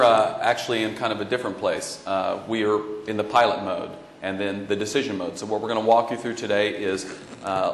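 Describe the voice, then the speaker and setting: A man with a Texan drawl presenting at a conference. His voice is on the low side, and his delivery is easygoing and joking, full of "uh"s. The room echoes and there is a faint hiss. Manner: folksy and joking, with many fillers. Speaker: law school technology director.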